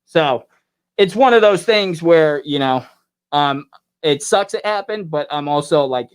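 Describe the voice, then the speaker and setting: A man's voice: fairly high pitch, expressive, unhurried, clean tone. A man, a pro wrestler guest, telling a rambling story in casual podcast chat, laughing often and acting out what others said.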